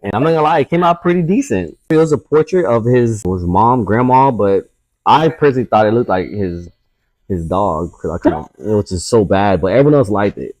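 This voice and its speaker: A man's voice: on the low side, expressive, a little fast, a little mellow, no echo. A man, a tattoo artist guest, telling a casual story full of swearing and acting out the voices of people he quotes. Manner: profane, acts out quoted voices.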